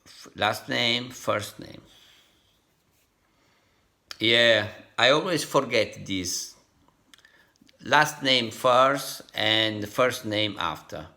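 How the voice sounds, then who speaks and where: Italian man, vlogger, bright tense voice, halting self-practice. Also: mid-range voice. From Italy. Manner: halting, repeats syllables to drill tones. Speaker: language-learning vlogger. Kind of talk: thinking aloud while practicing.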